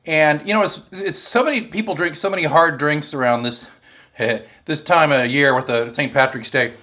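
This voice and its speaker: A man's voice: fairly high pitch, normal speed, bright, forceful tone. A man hosting a casual home cocktail show, chatting and joking as he mixes drinks at his bar. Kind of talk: casual chat while mixing drinks.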